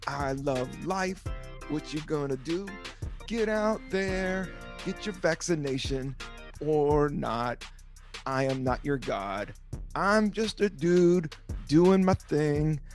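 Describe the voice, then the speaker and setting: A man hosting his own podcast, talking casually in a laid-back, rambling way that jumps between topics and sometimes turns playfully sing-song. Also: fairly high pitch. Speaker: podcast host and comedian. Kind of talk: casual solo podcast monologue.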